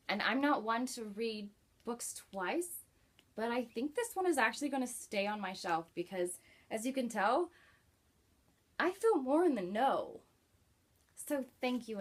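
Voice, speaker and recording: Chatty woman reviewing a book. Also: fairly high pitch. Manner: chatty, warm, with many likes and ums. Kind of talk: casual book review vlog.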